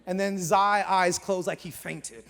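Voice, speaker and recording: A man in his thirties, a pastor, giving a sermon in lively storytelling, sometimes dropping to hushed asides. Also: high-pitched, measured pace, background noise. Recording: long hall reverb.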